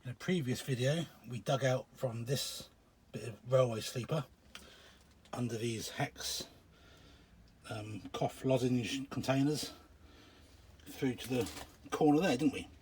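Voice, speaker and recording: This vlogger has a medium-pitched, slightly mellow voice and speaks a little slowly, puffing from bending as he digs an old shelter outdoors. He holds the camera himself and keeps up a chatty running commentary, muttering asides and letting sentences fade. Some hiss or hum sits under the recording.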